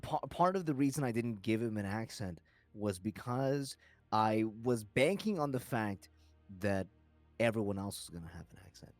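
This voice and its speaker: A man's voice: fairly low pitch, animated, moderate pace, dry recording, faint music behind. A young man on a stream, rambling as he explains his choices for his tabletop game character, with lots of "like" and restarts. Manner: rambling, many fillers and restarts. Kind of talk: casual group chat.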